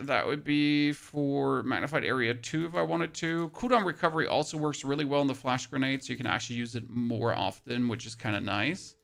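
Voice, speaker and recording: Gravelly bright man with German accent. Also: fairly high pitch. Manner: chatty, self-mocking. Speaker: streamer. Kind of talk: casual gameplay commentary.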